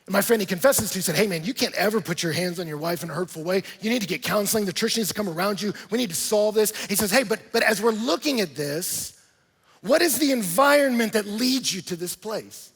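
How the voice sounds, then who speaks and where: Male pastor, sermon voice, high-pitched and husky, big echoing church hall, lively conversational delivery. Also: a little fast. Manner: animated, conversational preaching with playful asides. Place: large church auditorium.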